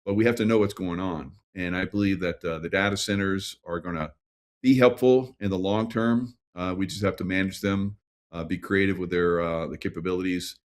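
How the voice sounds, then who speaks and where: A man with a very low voice speaking as a guest on a panel. He talks in a measured, hesitant way, pausing on fillers as he works through his point. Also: fairly even intonation. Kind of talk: casual panel discussion.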